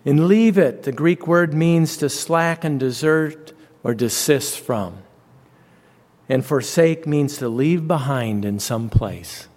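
Guy preaching real slow, repeats stuff for emphasis, long echo on his voice. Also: fairly high pitch, a little mellow. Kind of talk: sermon. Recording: long reverb.

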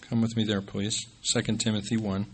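A man preaching a sermon as pastor. He rises to emphatic peaks, then drops low and quiet when he calls out scripture references. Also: little pitch movement, normal speed, background noise.

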